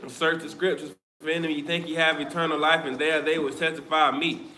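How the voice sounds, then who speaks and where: A man with a slightly high voice reads scripture aloud at a steady pace and stumbles now and then. His voice echoes around the room. Steady background noise runs beneath it. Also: fast talker. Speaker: scripture reader.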